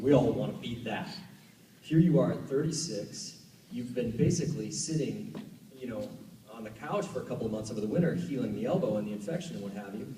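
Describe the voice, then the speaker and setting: Dark-voiced man asking questions, echoey hall. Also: mid-range voice. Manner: lengthy, explanatory questions. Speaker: interviewer. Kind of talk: interview question. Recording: echoey room from far off.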